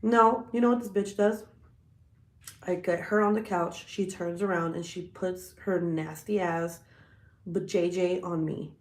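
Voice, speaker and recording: A woman, telling stories in a profane, animated way with frequent laughs during a casual livestream chat. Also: fairly low pitch, measured pace, reverberant. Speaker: livestream host.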